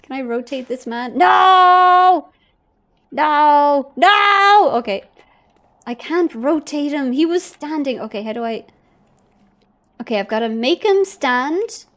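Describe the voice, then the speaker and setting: A woman's voice: sits high, lively intonation, moderate pace. A young woman streaming a game, chatting casually, giggling and squealing often. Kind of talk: casual gameplay commentary.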